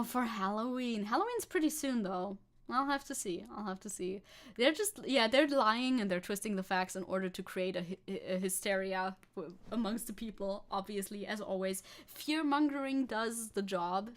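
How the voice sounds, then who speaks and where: A woman's voice: medium pitch, moderate pace. A woman with a German accent giving sarcastic, casual commentary on a live stream, swearing freely. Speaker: VTuber streamer.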